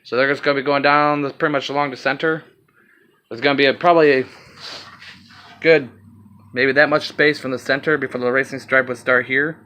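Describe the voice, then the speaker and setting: A man's voice: medium pitch, fairly even intonation, a little fast, long pauses, bright, forceful tone. Rambling man with a slight Southern twang. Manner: rambling, casual, swears offhandedly. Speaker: vlogger showing his car project. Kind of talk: casual walkaround vlog.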